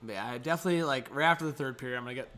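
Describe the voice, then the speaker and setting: A man's voice: mid-range voice, rapid-fire, a bit bright, faint music behind. A young man hosting a live hockey reaction stream, chatting casually and reading viewer messages aloud.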